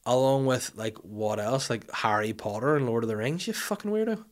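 A man's voice: medium pitch, lively intonation, normal speed. A man with a Northern Irish accent hosting a casual, joking, sweary chat. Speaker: podcast host.

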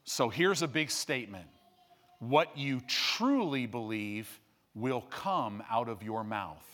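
A middle-aged male pastor preaching a sermon, dropping to hushed low asides and rising to loud peaks. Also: expressive, slow.

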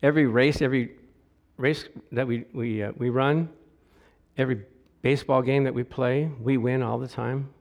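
A middle-aged man preaching a sermon with animated delivery, his voice climbing and getting louder as he reads scripture, with joking asides along the way. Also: medium pitch, moderate pace. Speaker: pastor.

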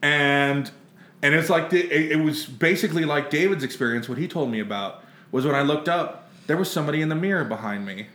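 A man's voice: on the high side, a little fast, fairly bright tone, roomy sound. A man telling a rambling, comic story in casual chat, laughing and swearing freely. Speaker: podcast co-host telling a story.

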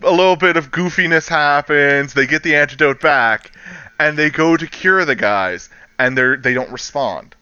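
A man chatting casually on a podcast, recapping an episode with lively energy, acting out lines with laughs and swearing. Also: a little high, moderate pace, smooth, no room sound, lo-fi sound. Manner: animated, acts out characters' lines with laughter and swearing. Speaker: podcast co-host. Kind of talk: casual chat recapping a show.

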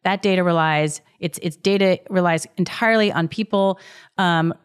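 A middle-aged woman, an author and interview guest, explaining at length in an animated way, often restarting her sentences. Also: on the low side, moderate pace, clear, resonant tone. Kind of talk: conversational interview.

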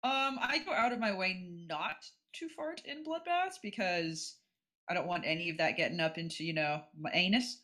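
A woman's voice: lowish voice, normal speed, pushed and bright. A woman co-hosting a casual podcast, playful and teasing.

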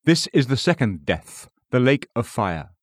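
A man reading a Christian devotional book aloud in a measured, solemn voice, slowing down for scripture quotations. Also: mid-range voice, big pitch swings, no room sound, clean studio sound.

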